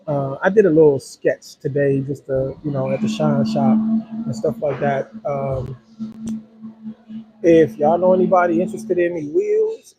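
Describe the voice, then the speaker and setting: A man's voice: on the high side, poor audio. Laid-back man chatting on a livestream. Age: adult with a hundred-year-old grandmother. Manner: relaxed, rambling, talks to viewers as y'all. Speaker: live-stream host. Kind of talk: casual livestream chat.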